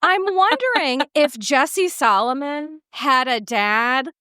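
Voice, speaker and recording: A woman co-hosting a podcast answers her friend with playful, teasing remarks. Her voice is high and swings up and down a lot, and the sound is dry and close. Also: lively intonation, slow pace, sharp tone, no room sound. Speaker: podcast co-host. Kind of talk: casual chat.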